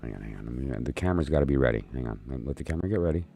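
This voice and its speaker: A man's voice: rumbling low, lively intonation, rapid-fire, creaky, mellow, soft background music. A man hosting a late-night live stream of oracle readings, rambling and joking as he talks to his viewers. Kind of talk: casual live-stream chat.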